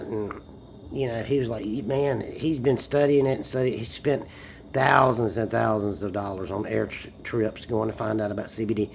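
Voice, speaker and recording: A man's voice: mid-range voice, creaky, darkish tone, a little hiss or hum. Tipsy rambling man. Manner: rambling, jokey, swears often. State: tipsy from beer. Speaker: vlogger. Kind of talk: casual rambling monologue. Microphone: phone.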